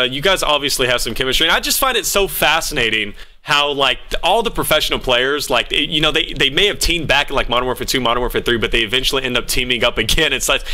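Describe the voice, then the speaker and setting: Fast, bright-voiced male esports host. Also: mid-range voice. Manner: upbeat, eager, hype-style delivery. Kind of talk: casual hosted interview.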